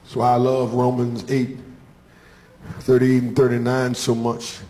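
A man preaching a sermon in a rhythmic, call-and-response style, building from quiet talk to shouted climaxes. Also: mid-range voice, monotone, measured pace.

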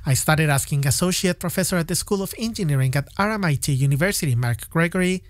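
A man hosting a current affairs radio show, introducing guests and reading news items in a steady, measured way. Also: fairly high pitch, dry recording, studio quality.

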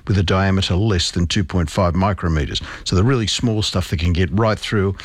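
A middle-aged man, a doctor, walks through medical findings in an interview, stressing key terms with conviction. His voice sits low, and the recording is dry and close, with no room sound. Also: a little fast, dry recording. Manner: explanatory, emphatic with medical terms.

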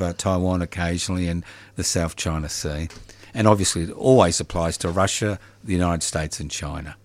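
A man's voice: on the low side, dry recording. Male talkback host, wry and opinionated, dry studio mic. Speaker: radio host. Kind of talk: talkback radio hosting.

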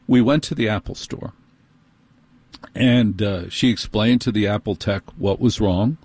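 A middle-aged man telling an exasperated comic story in a fast, animated monologue. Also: fairly low pitch, husky, no room sound.

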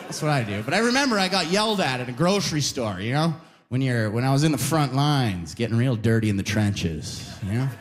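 A man's voice: medium pitch, lively intonation, brisk. A young man from Alberta, Canada, doing a chatty stand-up comedy set in a live venue, full of "you know" asides.

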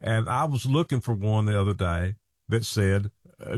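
A man's voice: lowish voice, moderate pace, no echo, clean studio sound. A man hosting a radio show, telling folksy stories in casual chat. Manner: folksy storytelling. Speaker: radio host.

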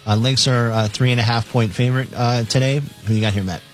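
A man's voice: medium pitch, fairly even intonation, fast, faint music behind. Matter-of-fact male co-host. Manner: matter-of-fact, with many fillers. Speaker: radio co-host reading the lines. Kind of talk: reading game lines on radio.

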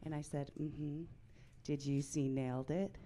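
Woman doing deadpan stand-up, lower voice. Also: unhurried, a little hiss or hum. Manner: deadpan with sudden loud punchlines. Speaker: stand-up comedian. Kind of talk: stand-up comedy set. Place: comedy club stage with audience.

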